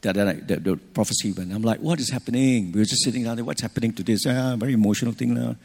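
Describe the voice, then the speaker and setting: A middle-aged man, a pastor, telling a personal story in a sermon, animated and full of restarts. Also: mid-range voice, fast, creaky, breathy edge. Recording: long reverb from a large hall.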